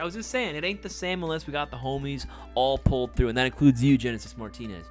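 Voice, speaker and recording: A man's voice: on the high side, fast talker, hardly any pauses, faint music behind. A man hosting a casual livestream, chatty and hyped, reading viewer comments aloud and swearing casually. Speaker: livestream host.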